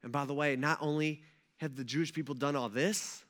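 A man's voice: on the high side, steady tone, fairly quick, a bit bright. A man preaching a sermon in a conversational way, often checking in with his listeners. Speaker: pastor.

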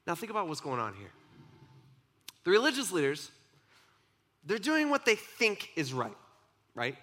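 A man preaching a relaxed, conversational sermon, often acting out the people in the story in quick asides. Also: high-pitched. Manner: conversational, acts out quoted voices, many asides. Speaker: pastor. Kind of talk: casual sermon.

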